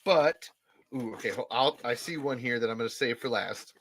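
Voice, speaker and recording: An excited vlogger, gasping and rambling while unboxing collectibles. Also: medium pitch, moderate pace, slight background noise. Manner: giddy, gasping, swearing, rambling.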